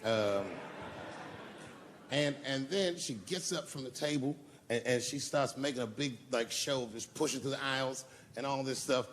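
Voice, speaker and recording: On a comedy stage, a man with a mid-range, fairly bright voice tells long, profane stories at a moderate pace and takes audience questions in a loose, conversational way. There's slight background noise.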